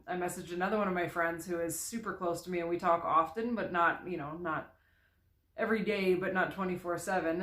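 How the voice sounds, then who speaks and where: Vlogger telling their own story, halting, lots of restarts, mid pitch, echoey room. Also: sharp tone. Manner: halting, with many restarts and "you know". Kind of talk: candid personal storytelling.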